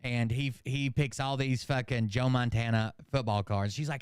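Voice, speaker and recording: A man casually recapping a movie in a profane, animated rant, acting out the characters with sudden shouts. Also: mid-range voice, moderate pace, clear, resonant tone, no echo, studio quality. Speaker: channel host.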